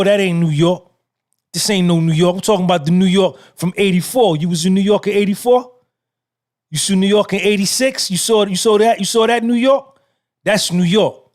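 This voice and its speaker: A man, hosting his own podcast in a casual monologue, emphatic and repetitive, firing off rhetorical questions. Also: high-pitched. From New Jersey. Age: 50s. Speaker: podcast host.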